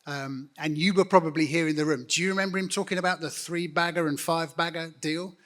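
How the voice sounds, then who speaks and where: Earnest man, higher-pitched voice. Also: fairly even intonation, quick pace, fairly bright tone. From United Kingdom. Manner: earnest, direct, appealing to the audience. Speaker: guest church network leader. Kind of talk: on-stage interview speaking to a congregation.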